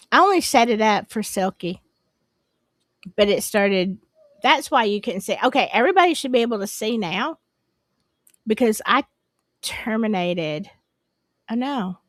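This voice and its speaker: A woman's voice: on the high side, dry recording, clean studio sound. A woman hosting a live stream, chatting casually and apologizing in a flustered, rambling way. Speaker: livestream host.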